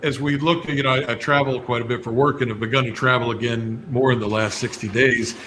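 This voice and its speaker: A man's voice: mid-range voice, steady tone, a little fast, background noise. A man from West Virginia, a guest on a radio talk show, telling folksy stories and laughing easily. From West Virginia, USA. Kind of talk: radio interview chat.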